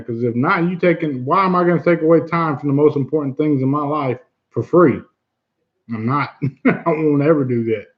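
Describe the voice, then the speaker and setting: A man's voice: mid-range voice, lo-fi sound. A man hosting a casual livestream chat, earnest and blunt, who swears easily and repeats himself for emphasis. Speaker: livestream host.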